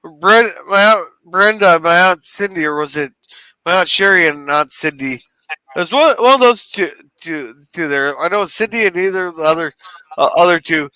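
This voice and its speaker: A man's voice: high voice, lively intonation, normal speed, bright, forceful tone, smooth, dry recording. A man co-hosting a casual show recap, talking loosely and swearing now and then. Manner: loose, swearing, bursts into singing. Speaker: podcast co-host recapping an episode. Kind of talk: casual chat.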